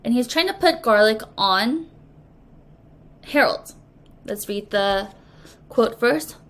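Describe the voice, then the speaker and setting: A woman English teacher giving a recorded reading lesson, explaining slowly and patiently to young students. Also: a little high, expressive, a bit bright. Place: language academy.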